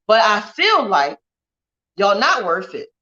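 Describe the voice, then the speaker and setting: A woman's voice: medium pitch, sing-song, slow, sharp tone, muffled recording. A woman talking bluntly and heatedly in a profane livestream rant. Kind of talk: ranting livestream monologue.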